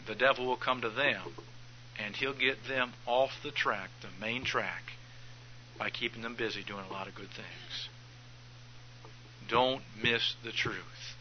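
A man's voice: mid-range voice, dull audio, a little hiss or hum. A male pastor preaching a sermon, driving points home by repeating phrases.

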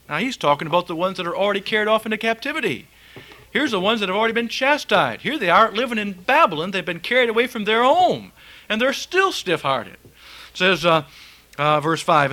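A man's voice: sits high, very animated, brisk, bright, forceful tone. A man preaching a fiery, folksy sermon and reading scripture aloud.

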